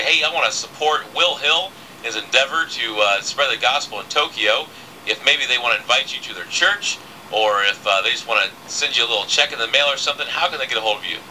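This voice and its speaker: A man's voice: mid-range voice, pushed and bright, slight background noise, poor audio. A man hosting a casual radio interview, chatty, with many fillers and restarts. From southern United States. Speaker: radio host.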